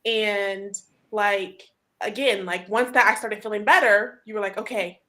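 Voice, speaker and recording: A woman hosting a casual group chat, telling a story in an animated way, full of fillers and laughter. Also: mid-range voice, unhurried. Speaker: host.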